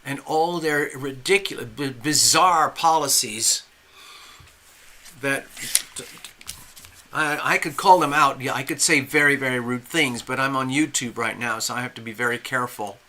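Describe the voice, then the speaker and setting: A man's voice: medium pitch, normal speed, pushed and bright, a little hiss or hum. A man hosting a live tarot stream, talking in a rambling, opinionated way and reading out chat messages. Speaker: livestream tarot reader. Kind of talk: casual live-stream monologue.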